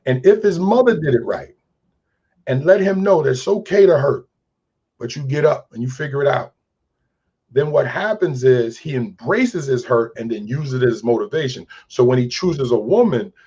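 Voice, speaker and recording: A man's voice: medium pitch, expressive, normal speed, warm tone, husky, lo-fi sound. A man speaking in an interview as a crisis specialist and mentor, telling stories and preaching about feelings with acted-out quotes. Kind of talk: earnest interview talk.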